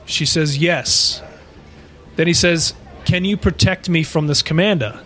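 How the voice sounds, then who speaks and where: A man's voice: fairly high pitch, a little slow, fairly bright tone. Casual swearing man telling a ghost story. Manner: rambling, swears freely, retells a ghost story. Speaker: podcast co-host.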